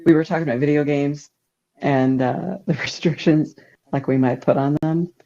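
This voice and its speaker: A middle-aged woman with a warm, mellow tone chats on a podcast about old games. She reacts with loud exclamations and laughs. The sound is dull and lo-fi. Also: deep voice, fairly even intonation, normal speed. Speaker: mother and podcast guest. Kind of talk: casual chat. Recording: dull lo-fi mic.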